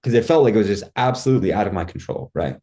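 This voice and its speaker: A man's voice: on the low side, animated, rapid-fire, mellow. A man, a podcast guest, recounting a personal experience in casual, vivid storytelling, acting out his own cries and saying "like" and "dude" often.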